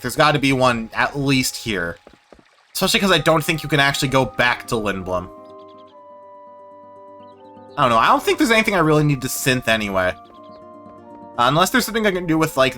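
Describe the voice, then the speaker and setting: A man giving casual, rambling commentary while streaming a game, self-deprecating and quick to swear. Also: mid-range voice, bright, forceful tone.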